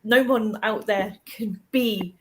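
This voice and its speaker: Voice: medium pitch, normal speed, a crowd in the background. A co-host in a casual chat, laughing and self-deprecating.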